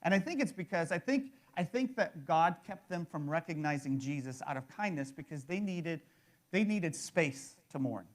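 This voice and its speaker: A man's voice: on the high side, lively intonation, moderate pace. A man in his thirties preaching a sermon in a conversational way, often restarting and checking in with the listeners. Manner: conversational, repeats words and restarts, fills with "right?". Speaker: pastor.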